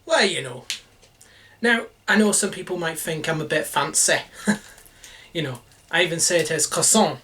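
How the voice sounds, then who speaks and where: A man vlogging casually over lunch at home, talking slowly with many pauses and fillers and chuckling often. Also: on the high side, expressive, pushed and bright, slight background noise.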